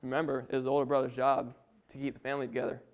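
A man's voice: mid-range voice, completely flat delivery, very fast. A man preaching a sermon, reading scripture aloud and then explaining it in his own words with frequent restarts.

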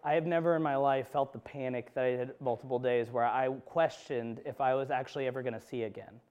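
A pastor preaching a conversational sermon in a church, telling personal stories with self-deprecating humor. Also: male voice, medium pitch, fairly even intonation, quick pace, smooth, dull audio. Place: church sanctuary.

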